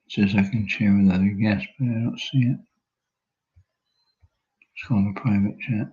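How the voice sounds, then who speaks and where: A man leading an online class, wrapping up slowly and hesitantly, thinking aloud between words. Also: fairly low pitch, steady tone, warm tone, lo-fi sound. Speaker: class leader. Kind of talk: casual closing remarks on a video call.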